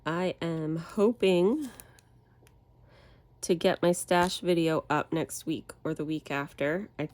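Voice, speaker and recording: A woman's voice: lowish voice, slow, dry recording. A woman hosting a crafting channel, chatting casually while she works, her voice nasal from a cold, rambling and correcting herself as she goes. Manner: rambling, relaxed, self-correcting.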